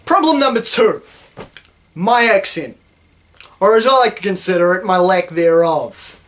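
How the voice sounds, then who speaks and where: Sarcastic high-voiced New Zealand man. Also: measured pace, pauses often, fairly bright tone. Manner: sarcastic, profane, mock-indignant. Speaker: YouTuber. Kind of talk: sarcastic vlog rant.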